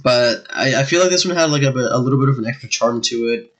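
Guy on a movie podcast, relaxed rambling chat, lots of uh and like, mid pitch voice. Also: quick pace, poor audio. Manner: laid-back, with fillers and restarts. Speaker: podcast co-host. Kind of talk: casual movie discussion.

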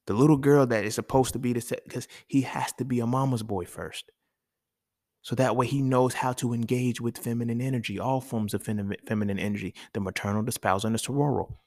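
A man's voice: mid-range voice, no room sound, clean studio sound. A man talking casually and emphatically, with profanity and speech, hosting a solo podcast. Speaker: podcast host.

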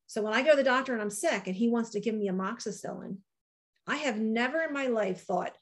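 Animated woman sharing her story. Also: a little high, a little fast. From New Jersey. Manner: animated, storytelling, rising emphatically at points. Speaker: speaker at a recovery meeting. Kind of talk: personal share, talking to a group.

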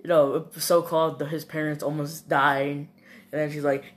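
A co-host in casual chat about a movie, laid-back, with soft asides and chuckles. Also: medium pitch, flat delivery, moderate pace, slight background noise.

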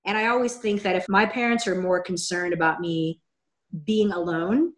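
A woman's voice: lowish voice, fairly even intonation, moderate pace. A woman from Seattle telling a personal story in a candid, chatty way, with a wry, self-deprecating humor. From Seattle, USA. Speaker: guest sharing a personal story. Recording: roomy echo.

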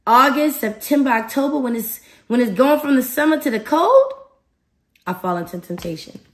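A woman hosting a podcast in a casual motivational talk, animated and emphatic, speaking straight to her listeners. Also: high-pitched, moderate pace. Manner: animated and emphatic, addresses listeners directly, acts out her own thoughts. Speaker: podcast host.

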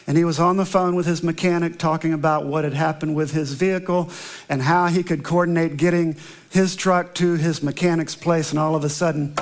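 A man pastor opening with prayer, then preaching a sermon in an earnest storytelling manner, slowing down to stress repeated lines. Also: on the high side. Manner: earnest storytelling, emphatic slow repetitions.

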